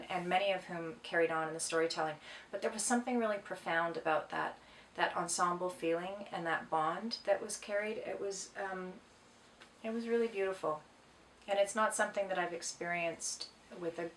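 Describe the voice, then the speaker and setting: A woman's voice: fairly low pitch, fairly bright tone, slight background noise. A middle-aged woman from Canada, an actress reading fan questions aloud and answering them in a playful, joking way. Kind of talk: casual self-recorded Q&A, reading questions aloud. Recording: echoey room, far from mic.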